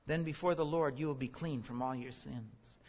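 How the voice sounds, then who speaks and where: A man's voice: mid-range voice, normal speed, a little mellow, in a large hall. A man teaching a Bible study lesson, earnest and explanatory, his voice leaping up when he calls out the words he quotes.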